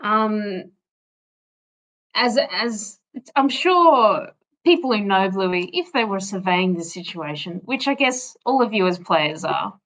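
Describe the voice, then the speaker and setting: A woman's voice: mid-range voice, expressive, takes it slowly, fairly bright tone, poor audio. A woman player in an online tabletop game, hesitantly thinking aloud about her character's choices. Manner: thinking aloud, hesitant, swears when frustrated.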